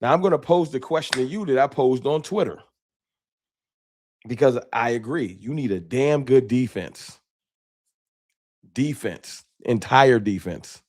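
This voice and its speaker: A man with a slight lisp hosting a casual sports talk live stream, talking straight to his chat in slangy, animated bursts. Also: medium pitch, a little slow, long pauses.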